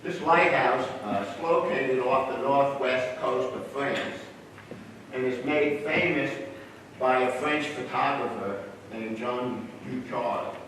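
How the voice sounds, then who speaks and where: A man's voice: mid-range voice, takes it slowly, a little hiss or hum. Man preaching, folksy and joking, echoey church hall, distant mic. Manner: folksy, gently humorous. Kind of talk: sermon with personal stories.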